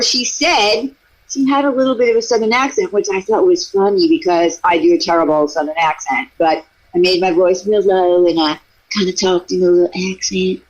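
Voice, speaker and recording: A woman's voice: mid-range voice, dull audio. A woman co-host telling a rambling, self-defensive story in a casual chat, with plenty of swearing.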